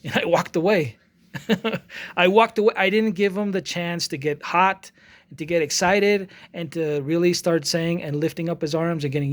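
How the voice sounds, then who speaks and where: A man's voice: on the high side, fairly quick. Restless-talking man in his forties. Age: 40s. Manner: rambling, with frequent restarts and repeated words; animated storytelling, acting out both sides of a quarrel. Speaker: artist vlogger. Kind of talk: casual monologue.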